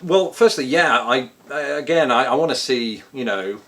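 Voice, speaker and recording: A man's voice: mid-range voice, expressive, moderate pace, a bit bright. A British man with a British accent, chatting casually to camera as he answers viewer questions with joking, self-deprecating asides. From Britain.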